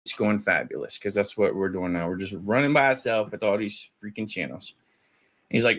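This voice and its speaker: A man's voice: on the low side, fairly quick. Man animatedly retelling a phone call. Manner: animated storytelling, acting out both sides of a conversation. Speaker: guest recounting a call. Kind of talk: casual podcast chat.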